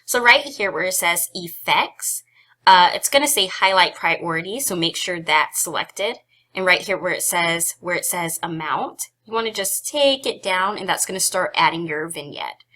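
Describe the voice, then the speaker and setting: A young woman hosting a casual software tutorial. She is chatty and giggly, with self-deprecating asides, and sounds slightly out of breath. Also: lowish voice, expressive, normal speed. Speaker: photography tutorial host.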